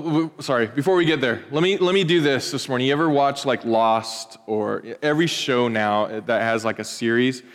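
A man pastor giving a sermon in a church sanctuary, telling the story in a lively way with pop-culture asides. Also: mid-range voice. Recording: long reverb of a large hall.

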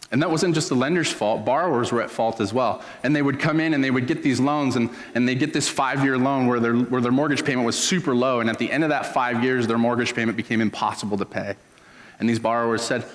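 A man's voice: medium pitch, fairly quick, in a large hall. A man preaching a sermon as a pastor, in an earnest, conversational storytelling manner.

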